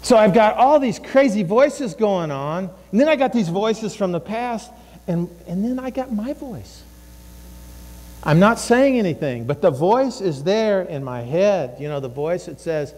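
Man preaching, high-pitched, conversational, repeats words, long reverb hall. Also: lively intonation, a little slow, darkish tone. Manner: conversational, repeats words, acts out quoted voices. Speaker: pastor. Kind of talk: sermon. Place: church sanctuary.

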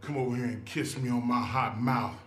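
Sultry, commanding cellmate, AI-voiced man, echoey room, loud crowd behind. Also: mid-range voice, steady tone, fairly quick, close to an everyday voice. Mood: lusty. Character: lusty male prison cellmate, growling.

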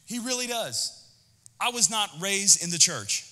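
A male pastor giving an energetic, conversational sermon, talking directly to the congregation with quick asides. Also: high-pitched, long reverb tail.

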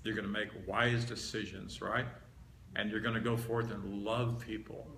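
A man's voice: on the low side, flat delivery, moderate pace, a bit bright. A man preaching a teaching sermon to a live audience, conversational and emphatic, leaning hard on repeated key words. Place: meeting hall with a live audience. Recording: roomy hall echo, faint background hiss.

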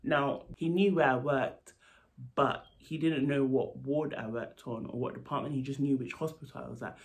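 A man tells a personal story to camera in an animated, chatty way. His voice sits in a middle pitch with a gravelly, creaky edge. He breaks off for quick asides as he retells the events. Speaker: storytelling vlogger; nurse. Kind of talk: casual storytime vlog.

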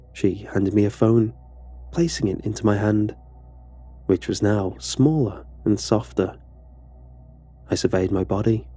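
A man narrating a scripted horror story in a measured, somber way. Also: on the low side, warm tone, breathy edge.

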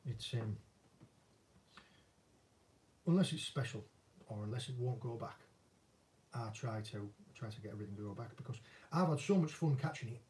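Northern English fisherman, easygoing self-deprecating chatter, warm low-key voice, recorded a little off-mic. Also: animated, moderate pace, long pauses. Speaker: angling vlogger and former commercial fisherman. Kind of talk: casual viewer Q&A chat. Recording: voice a bit distant from the mic.

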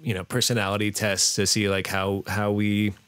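A man talking as a podcast guest in a relaxed, rambling way, full of fillers and restarts. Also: on the low side, normal speed, smooth, no room sound. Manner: rambling, hesitant, many fillers and restarts, laughs often. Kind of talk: casual interview chat.

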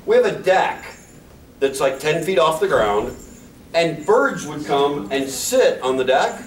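A man hosting a convention panel, telling a funny dog story with loud sound effects and laughter. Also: a little high, big pitch swings, a little slow. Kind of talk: humorous anecdote on a panel. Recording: echoey hall, distant mic, room noise.

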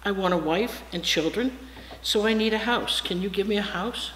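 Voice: mid-range voice, normal speed, fairly bright tone, natural voice. Needy boy turning into a tired old man, preacher reading aloud, echoey room, faint hiss. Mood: wanting. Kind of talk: storybook read-aloud.

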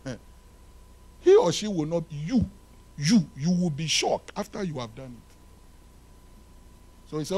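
A male pastor preaching a sermon in a church, swinging from loud shouted lines to hushed ones and acting out little dialogues. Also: on the high side, moderate pace, pauses often. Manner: acts out dialogue between lovers.

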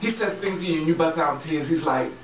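This vlogger speaks fast in a low voice, handing out blunt relationship advice with plenty of swearing and laughter. Her casual vlog has an echoey sound, a distant dull mic, and faint background noise.

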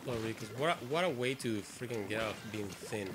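Excitable swearing man, lively gamer commentary. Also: on the low side, a little fast. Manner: excitable, swearing, trash-talking. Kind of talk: let's play gameplay commentary. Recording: game music clearly behind voice. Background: game music.

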